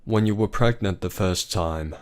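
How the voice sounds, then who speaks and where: A man narrating a family drama story in an even, plain storytelling manner. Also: deep voice, moderate pace, clear, resonant tone. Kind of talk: scripted narration.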